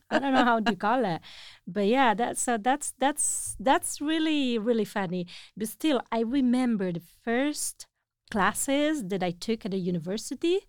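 A woman's voice: a little high, expressive, normal speed, dry recording, clean studio sound. Chatty woman, often laughing. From Italy. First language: Italian. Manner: chatty, laughs often, many fillers and restarts. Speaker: language teacher. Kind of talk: casual conversational storytelling.

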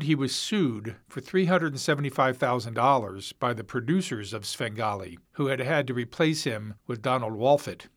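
Plain male documentary narrator. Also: mid-range voice. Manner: plain, reading quotes aloud.

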